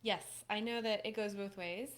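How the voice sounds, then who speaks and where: A woman giving relationship advice to a live audience in a casual, animated way, laughing often and acting out little quoted voices. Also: mid-range voice, normal speed. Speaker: relationship coach hosting a live stream.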